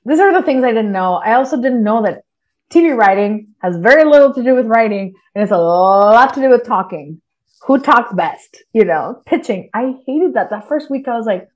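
A middle-aged woman from Texas, a writer on a podcast, talking in casual interview chat, animated, swearing freely and laughing often. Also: fairly high pitch, dull audio.

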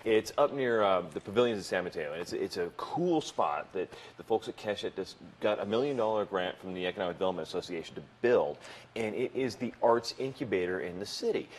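A man hosting a morning show, chatting in an upbeat, quick-to-react way with his guests. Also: on the low side, lively intonation, a little hiss or hum. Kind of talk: casual morning radio interview.

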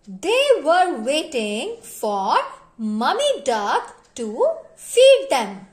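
A woman's voice: high-pitched, very animated, drawn-out words, heavy reverb. A woman teaching a nursery English lesson to young kids, stretching out letter sounds in a sing-song way. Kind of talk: online children's lesson.

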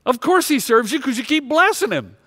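A man's voice: very high voice, big pitch swings, a little fast, pushed and bright, voice pushed up, full character voice. A man voicing a scornful devil who taunts with accusations, heard in a reverberant hall. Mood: accusing.

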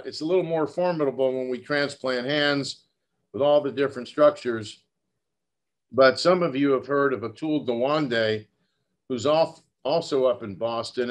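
Man, 60s, surgeon lecturing in a relaxed, storytelling way, talking straight to the audience. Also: mid-range voice. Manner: storytelling, direct address to audience members. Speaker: surgeon giving a talk. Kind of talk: conversational lecture.

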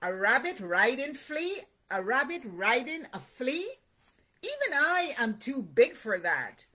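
A tiny storybook mouse scoffs in disbelief, her voice high and bouncing, as a woman reads the part. She takes her time, bright and lively. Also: slow, slightly rough, full character voice. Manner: incredulous. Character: small, incredulous mouse.

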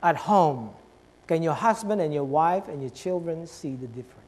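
High-voiced male pastor preaching emphatically. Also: lively intonation, moderate pace, big-room sound. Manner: emphatic preaching with repeated rhetorical questions; swings between loud stresses and soft, low asides. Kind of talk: sermon.

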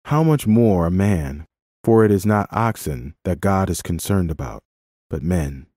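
A man voicing a calm, learned young king with a dry wit, in an audiobook. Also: sits low, measured pace, no room sound. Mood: wry. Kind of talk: audiobook character voice.

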